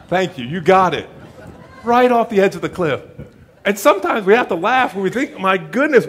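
A man preaching a sermon in a church, telling a folksy joke story and acting out the voices of its characters. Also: sits high. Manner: animated storytelling with acted-out voices; jokey, folksy. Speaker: pastor.

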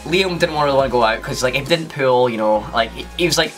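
A man's voice: mid-range voice, fast, fairly bright tone, soft background music. A young Scottish man telling a casual, rambling story to camera as a YouTuber, with lots of fillers and restarts.

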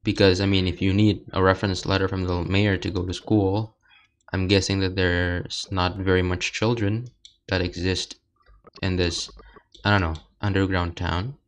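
A man's voice: sits low, level tone, normal speed, slight background noise. A young man casually commenting while playing a video game, rambling and hesitant with lots of filler words. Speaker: let's play host.

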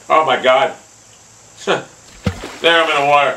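Male gamer, hot-tempered, bright edgy tone, swears and shouts at the game nonstop. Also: mid-range voice, animated, moderate pace, pauses often, slight background noise, rough recording. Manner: furious, swearing constantly, yelling at the game. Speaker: gaming commentator. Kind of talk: raging gameplay commentary.

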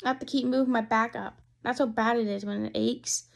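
A young woman with a fairly high voice chats casually in a taste-test vlog, rambling and giggly. She sounds slightly hoarse, as if losing her voice, talking indoors at home. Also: fairly even intonation, a little fast. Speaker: vlogger.

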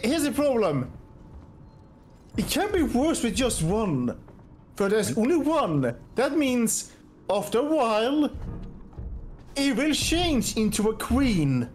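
High-voiced man explaining game tactics. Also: a little mellow. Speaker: gamer. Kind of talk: casual co-op game chat.

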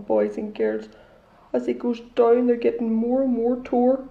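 A woman's voice: a little high, sing-song, unhurried, warm tone. A woman, reading a picture book aloud to children in a bookshop and coaxing them with questions. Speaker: storytime reader. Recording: echoey room, dull lo-fi sound.

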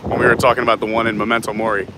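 A man's voice: mid-range voice, flat delivery, racing, background noise. A man hosting a live stream while walking outdoors, chatting casually, reading viewer comments and laughing often. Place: outdoors in a theme park, walking.

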